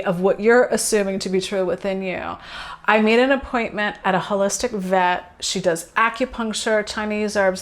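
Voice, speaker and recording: An earnest woman hosting a casual spiritual talk, at a mid-range pitch. She tells a personal story in a relaxed, unscripted way and thinks aloud as she goes. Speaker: host.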